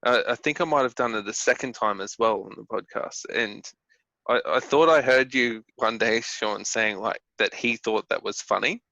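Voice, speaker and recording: A man's voice: fairly low pitch, normal speed, gravelly, sharp tone, no room sound, dull audio. A man co-hosting a casual gaming podcast, telling stories hesitantly with many ums. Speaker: podcast co-host. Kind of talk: casual chat.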